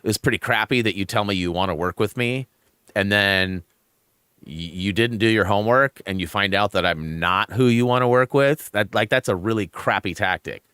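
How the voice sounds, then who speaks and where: A man's voice: on the low side, moderate pace, smooth, no room sound, clean studio sound. A middle-aged man hosting a gaming channel, chatting casually and acting out quotes, laughing often as he tells stories over gameplay. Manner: animated storyteller who acts out quotes, laughs often. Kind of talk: casual gameplay commentary and storytelling.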